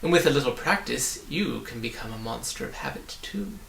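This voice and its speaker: A man voicing a sly, menacing demon of petty tasks who snarls and then coaxes in a soft, deceitful voice. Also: medium pitch, lively intonation, moderate pace, a little hiss or hum, close to an everyday voice. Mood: coaxing. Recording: echoey room.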